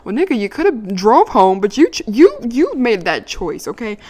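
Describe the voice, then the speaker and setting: A young adult woman telling a dating story in a casual, brash and profane way, her voice jumping higher when she gets indignant. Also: moderate pace. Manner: lively, climbs high when indignant.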